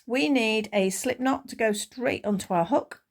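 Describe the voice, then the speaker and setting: A middle-aged woman, a little hoarse, chatting enthusiastically through a crochet tutorial as the channel host. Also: a little high, unhurried. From United Kingdom. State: slightly hoarse.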